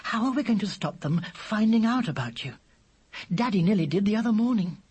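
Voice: medium pitch, animated, fairly quick, darkish tone, breathy edge, voice pushed up. A reader voicing an earnest, anxious young schoolgirl. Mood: worried earnest. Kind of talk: audiobook character voice.

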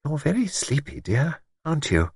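Storybook figure, older woman, sly, gentle tone, raised pitch, man reading her, husky edge, dry sound. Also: sing-song, fairly quick, dry recording, full character voice. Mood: soft insinuating. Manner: gentle everyday tone hiding menace.

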